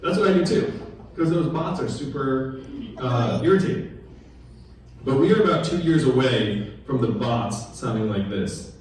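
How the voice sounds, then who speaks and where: A man's voice: medium pitch, moderate pace, darkish tone, distant mic, slight background noise. Man giving a campaign talk in an echoey hall. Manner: conversational, quizzes the audience. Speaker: political candidate. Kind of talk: town hall campaign speech. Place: large echoey room at a political gathering. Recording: very echoey room recorded from afar.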